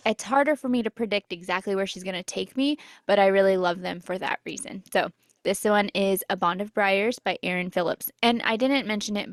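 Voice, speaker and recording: A woman's voice: mid-range voice, dry recording. An enthusiastic young woman gushes about books in casual podcast chat, with a mid-range voice. The sound is close and dry, with no room around it. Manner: enthusiastic, chatty. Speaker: podcast co-host.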